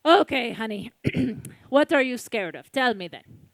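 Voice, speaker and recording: A weary young mother, played by a woman storyteller, scolds her child with fond exasperation and then soothes her. Her voice sits bright and up-front, with a lively, singsong lilt, in a storybook telling. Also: on the high side, unhurried, dry recording. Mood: scolding, soothing.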